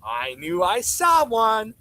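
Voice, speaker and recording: A man's voice: sits high, wildly swooping pitch, slow pace, pushed and bright, poor audio. Man, live-stream reaction, sarcastic, ranting, mocking.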